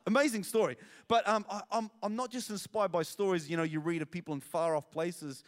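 A man preaching a sermon as pastor, animated storytelling with self-deprecating asides. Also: a little high, clear, resonant tone, big-room sound.

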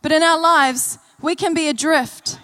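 High-voiced woman preaching a sermon. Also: steady tone, a little slow, sharp tone. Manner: earnest, storytelling, repeats key phrases. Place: church service.

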